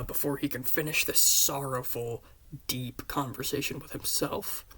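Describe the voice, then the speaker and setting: A man earnestly retelling the scenes of a story pitch he wrote, often dropping into hushed half-whispers. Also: slightly rough. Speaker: fan pitching a series.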